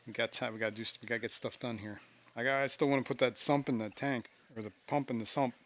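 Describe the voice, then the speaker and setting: A man hosting a casual live stream from his fish room, talking in a relaxed, rambling way with frequent chuckles. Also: mid-range voice, quick pace, highs cut off. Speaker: aquarium stream host.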